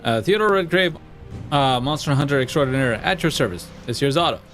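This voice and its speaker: A man's voice: medium pitch, lively intonation, fairly quick, fairly bright tone, faint music behind, close to an everyday voice. A man voicing a jovial dwarf monster hunter from a video game, reading his lines with hearty, slightly clumsy delivery.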